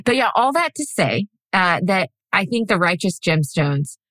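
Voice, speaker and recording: A woman's voice: lowish voice, big pitch swings, unhurried, a bit bright, no room sound. A woman co-hosting a podcast in casual chat, goofy and rambling, swearing freely. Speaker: podcast co-host.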